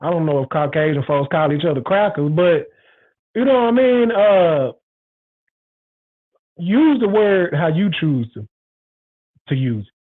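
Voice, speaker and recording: A man's voice: on the high side, sing-song, a little slow, long pauses. A man hosting a show, talking frankly in a rambling, repetitive, emphatic casual monologue. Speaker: show host. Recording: tinny phone-like audio.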